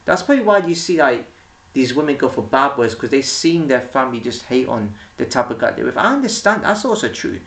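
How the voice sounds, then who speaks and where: A man's voice: medium pitch, sing-song, brisk, gravelly, fairly bright tone. A man rants to camera as a vlogger, rambling with rhetorical questions and many restarts. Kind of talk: ranting monologue. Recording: echoey room, distant mic.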